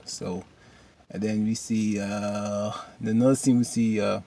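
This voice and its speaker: A man's voice: lowish voice, little pitch movement, a little slow, vocal fry, mellow. A man casually recapping a drama episode, retelling scenes loosely with lots of fillers and asides, and at times talking straight to the characters in a preachy way.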